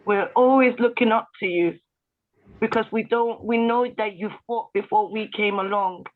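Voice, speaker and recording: Over tinny video-call audio, a woman with a medium-pitched voice talks at normal speed. She's a guest speaker at a tribute event, speaking directly to listeners with deep, heartfelt emotion.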